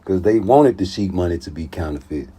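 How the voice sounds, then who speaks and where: A man giving casual boxing commentary in a slangy, profane, animated way. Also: low voice, a little fast, breathy edge.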